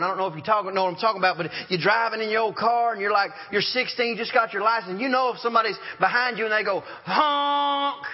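A man preaching a sermon in a folksy, storytelling way, joking and acting out sounds. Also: extremely high pitch. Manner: folksy storytelling with jokes and animal voices. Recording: dull lo-fi sermon recording.

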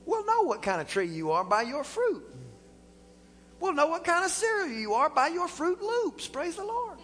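A male pastor preaching a sermon in a church, animated and playful, acting out little dialogues as he talks. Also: very high voice, moderate pace, in a large hall, faint music behind. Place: church sanctuary.

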